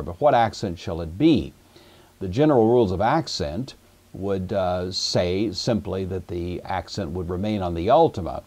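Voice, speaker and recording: A man's voice: low voice, a little mellow. A man teaching a Greek grammar lesson, explaining patiently and methodically with occasional fillers. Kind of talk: classroom grammar lecture.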